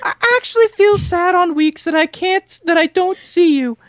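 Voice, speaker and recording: Guy doing a high squeaky young fangirl voice, giddy, super dry close mic. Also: moderate pace, no room sound. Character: giddy young female fan reading her letter. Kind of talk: podcast letter reading.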